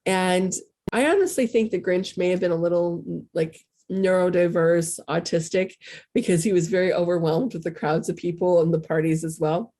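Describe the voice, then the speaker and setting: Speaking at normal speed in a dark, lowish voice with fairly even intonation, this middle-aged woman, a spiritual coach and show host, shares casual, heartfelt thoughts. She's candid and rambling, and pokes fun at herself.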